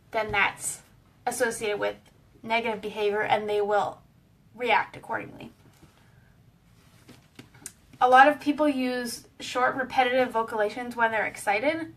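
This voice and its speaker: Friendly woman educator, a touch high-pitched, talks through a relaxed lesson; recorded a little far off. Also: moderate pace. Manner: friendly, explanatory, with small fillers. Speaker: pet wellness educator. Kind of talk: casual online lesson.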